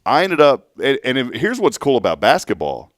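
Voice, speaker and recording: Lively storytelling man, dry close sound. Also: medium pitch, normal speed, no room sound. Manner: animated storyteller, laughs often. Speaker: radio show co-host. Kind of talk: casual on-air chat.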